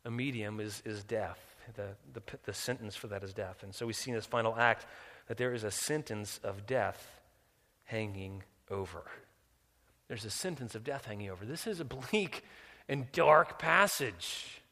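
A man preaching a sermon. He drops low and quiet, then climbs loud and high for emphasis, often repeating words as he restarts. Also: moderate pace. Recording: long reverb, large hall.

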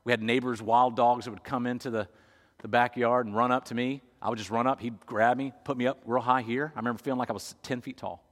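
A man's voice: medium pitch, steady tone, quick pace. Male pastor preaching in an echoey hall. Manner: storytelling, swinging from loud to hushed. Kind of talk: sermon. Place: church.

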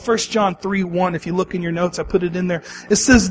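High-voiced man preaching with passion. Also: steady tone, brisk, poor audio. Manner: impassioned, repeats phrases for emphasis; talks to the congregation with questions and call-and-response. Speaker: pastor. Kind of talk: sermon.

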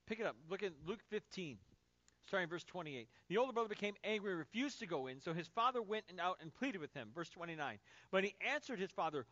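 A male pastor delivering a sermon, swinging from loud emphasis to hushed, quiet phrases. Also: high-pitched, sing-song, brisk, no room sound, highs cut off.

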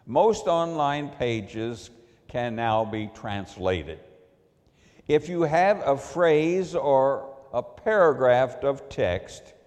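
A male preacher unhurriedly tells a wry anecdote in his sermon, his voice sitting at an ordinary middle pitch. The sound rings with the long reverb of a large hall. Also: a little mellow. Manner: wry, storytelling.

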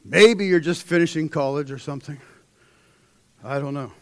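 A young man preaching a sermon, dropping to hushed intensity, then rising into loud exhortation as he reads scripture. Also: fairly high pitch, moderate pace, no echo.

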